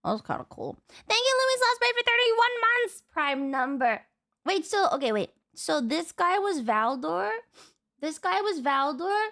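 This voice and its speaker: A young woman streaming a casual live reaction, excitable, swearing and thinking aloud. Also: very high voice, a little slow.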